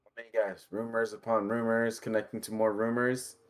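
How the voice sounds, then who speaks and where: A man's voice: on the low side, little pitch movement, moderate pace. A man playing a character in a tabletop game, describing his character's actions and speaking lines in character, laughing often. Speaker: player.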